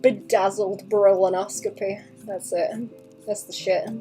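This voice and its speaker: A woman's voice: medium pitch, flat delivery, slow, mellow, faint music behind. Giggly young woman chatting while drawing. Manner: giggly, swears casually, muttering to herself while working. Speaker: artist streaming a drawing session. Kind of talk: casual livestream chat while drawing.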